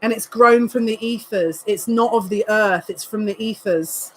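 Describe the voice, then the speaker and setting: A woman, a psychic reader, giving a live card reading to viewers in an excitable, emotional way, full of quick asides. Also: medium pitch, a little hiss or hum, rough recording.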